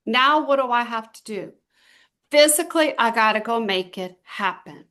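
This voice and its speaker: A middle-aged woman with a fairly high voice leads a small group through a motivational talk. She tells personal stories and stretches out the words she stresses. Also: lively intonation, bright, forceful tone. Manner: emphatic, storytelling, drawn-out stresses. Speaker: team trainer.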